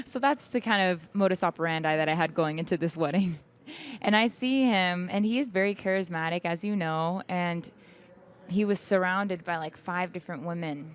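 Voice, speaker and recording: A woman's voice: on the low side, fairly even intonation, moderate pace. A young woman, a singer, chatting candidly in an interview and laughing often as she tells her stories. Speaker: guest singer. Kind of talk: casual interview chat. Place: backstage at an event.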